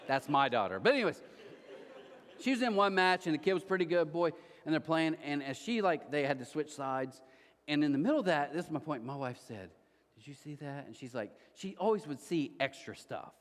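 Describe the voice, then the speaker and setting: Animated preacher in an echoing hall. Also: male voice, fairly high pitch, a little fast. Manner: animated storytelling, acts out quotes. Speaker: pastor. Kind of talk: sermon. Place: large church auditorium.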